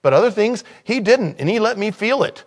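A man preaching a sermon in a conversational way, with sudden loud, high-pitched bursts of emphasis. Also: animated, fairly quick. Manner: conversational, thinking aloud. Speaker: pastor.

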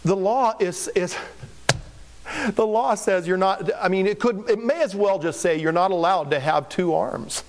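A man's voice: sits high, unhurried. A man preaching a sermon as a pastor, conversational and joking, explaining scripture with everyday asides.

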